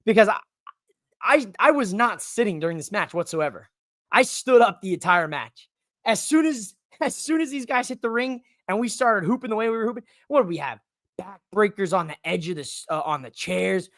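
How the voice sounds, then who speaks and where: A man's voice: sits high, lively intonation, moderate pace, a bit bright, dry recording. A man hosting a solo livestream from his home studio, rambling and joking with hype as he recaps the night's wrestling. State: out of breath. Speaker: wrestling show host. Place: home studio in a living room. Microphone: livestream mic.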